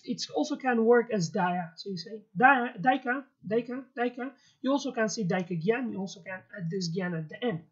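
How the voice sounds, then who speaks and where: A woman with a Kurdish accent, a native Kurdish speaker, teaching words one by one in a casual video lesson, repeating each term and checking in with "okay". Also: fairly high pitch. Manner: explains word by word, repeats terms, many fillers and okays. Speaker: language teacher. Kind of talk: explaining vocabulary in a video lesson. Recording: dull lo-fi audio.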